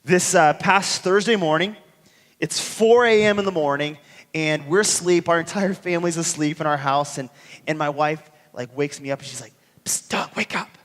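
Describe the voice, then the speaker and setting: A man preaching from a church stage, telling a story with animated energy and slipping into the voices of the people in it. His voice sits a little higher than most men's, and a long church reverb trails after every phrase. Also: normal speed. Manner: animated storytelling, acts out dialogue. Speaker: pastor. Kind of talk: sermon with personal story. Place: church sanctuary.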